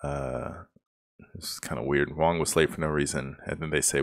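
A man with an extremely deep, low voice talks through a show episode in a loose, rambling way. He sounds exasperated and breaks into laughs as he goes. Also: fairly even intonation, normal speed. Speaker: show reviewer. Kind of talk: casual spoken review.

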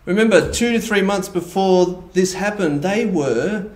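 A man preaching a conversational sermon, with animated asides in which he voices imagined reactions. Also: high-pitched, measured pace, roomy sound, poor audio. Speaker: pastor. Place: church hall.

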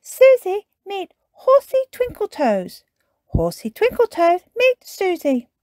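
Woman putting on an excited girl piglet, squealing, high and eager, dry close sound. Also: slow, no room sound, heavily acted. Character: excited little girl piglet, bossy and bubbly. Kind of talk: storybook reading.

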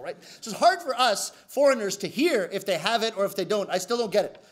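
A man from Canada, telling a comic story in an animated, exasperated, emphatic way. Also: very high-pitched, fast talker, hardly any pauses, slight background noise. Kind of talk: comedic storytelling.

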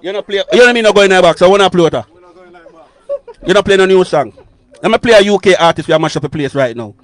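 A Jamaican man, a sound system selector, talking in excited, hyping live banter. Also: high-pitched. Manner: excited, hyping, quick exclamations.

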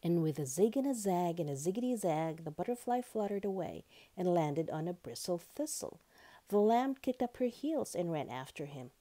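A woman reading a children's picture book aloud as storyteller, with expressive sing-song narration. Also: lowish voice, normal speed.

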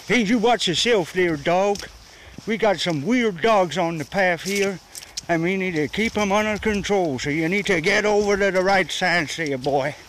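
A man from Scotland with a high voice films himself on a country walk. He keeps up playful mock-cowboy commentary and scolds his dog and the beasts along the way. A faint hiss of outdoor noise sits under his voice. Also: low-quality recording. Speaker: vlogger. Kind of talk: walking vlog commentary. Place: outdoors on a rural path.

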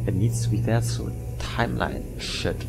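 A man's voice: fairly low pitch, expressive, moderate pace, creaky, over music. A tired man giving late-night gameplay commentary, muttering and rambling to himself as he works through puzzles. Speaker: gamer playing a puzzle game.

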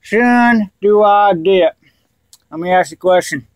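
A rowdy, crude hillbilly who dips tobacco, as a man puts him on, talking in a slow, high-pitched full of rambling fillers. The sound is close and dry. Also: smooth, dry recording. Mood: rowdy boasting. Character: loud crude male hillbilly tobacco dipper. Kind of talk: comedy character vlog.

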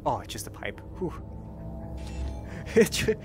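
Guy streaming a vr game, chatty and self-mocking, lively voice, music playing behind. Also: on the high side, slow. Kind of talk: casual gameplay commentary.

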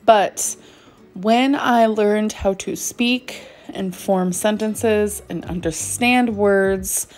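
A woman in her thirties chatting casually to her viewers at home, unhurried and full of "um" and "like". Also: medium pitch, a little mellow, soft background music. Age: 30s. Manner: unhurried, chatty, many fillers like "um" and "like". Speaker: vlogger. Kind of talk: casual vlog chat.

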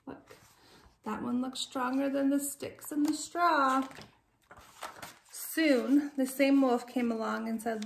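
A woman teacher reading a children's picture book aloud, gentle and expressive, with chatty asides to young listeners. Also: high voice, slow, long pauses, roomy sound, a little hiss or hum.

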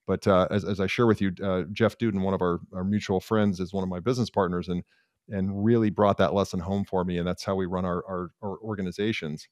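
A middle-aged male host speaking in a thoughtful, hesitant way. His voice is on the low side for a man. The recording is dry and close. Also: fairly even intonation, fast, no echo. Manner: thoughtful, hesitant, soft affirmations. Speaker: podcast host. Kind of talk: reflective interview conversation.

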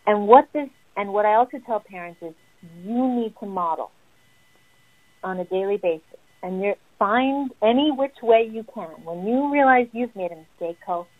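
A woman therapist explains parenting ideas with lively emphasis and a mid-range voice. Her audio comes through tinny and narrow, like a phone call. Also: medium pitch, moderate pace. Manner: animated and emphatic, acting out what children say. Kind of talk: explaining parenting advice in a conversation.

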